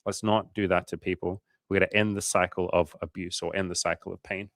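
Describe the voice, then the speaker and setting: A man's voice: low voice, level tone, a little fast, a bit bright, no room sound, studio quality. An Australian man hosting a casual coaching livestream, reading viewer comments aloud in a loose, profane, filler-heavy way.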